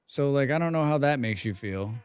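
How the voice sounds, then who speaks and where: A man's voice: medium pitch, expressive, brisk, clean tone, no echo. A man live-streaming a survival game, reading viewer chat aloud and answering with dry, rambling jokes, humming and mumbling to himself in between.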